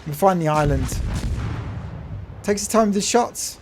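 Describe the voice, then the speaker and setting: Over a naval battle game replay, a man who hosts a gaming channel cheers his teammate on in excitable play-by-play, addressing viewers as "folks." His voice sits high and moves a little slowly, and faint hiss or hum can be heard.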